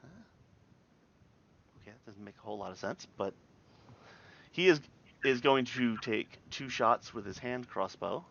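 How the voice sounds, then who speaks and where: A man's voice: mid-range voice, a little slow, vocal fry, long pauses, a bit bright, lo-fi sound. A man narrating as game master, plainly explaining the rules and enemy moves.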